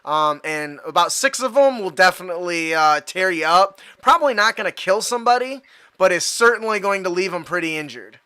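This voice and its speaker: A man's voice: high voice, lively intonation, brisk, sharp tone, clear, resonant tone. A man running a tabletop superhero game as game master, talking hesitantly with many fillers. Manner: hesitant, full of fillers, laughing often.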